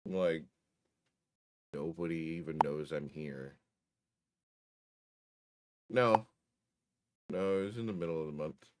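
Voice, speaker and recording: A man's voice: rumbling low, slow pace, long pauses, background noise. A man telling a story in casual chat, profane and wry.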